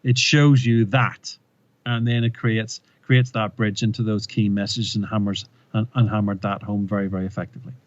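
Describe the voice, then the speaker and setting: A man's voice: on the low side, flat delivery, brisk, few pauses, dull audio. A man who is a presentation coach, a guest on a podcast, telling a story emphatically and often restarting and repeating words. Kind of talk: animated interview storytelling.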